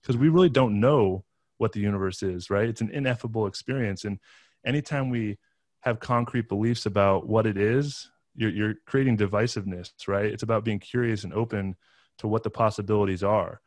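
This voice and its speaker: Guy on a podcast, earnest storytelling, lowish voice, dry close sound. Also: fairly quick, darkish tone, no echo. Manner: earnest, restarts and "you know" fillers. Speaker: podcast guest. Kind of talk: reflective personal storytelling.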